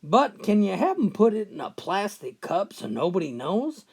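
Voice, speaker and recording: A man's voice: high-pitched, very animated, normal speed, a little mellow, breathy edge, exaggerated voice. A man voicing a prim, hesitant nun.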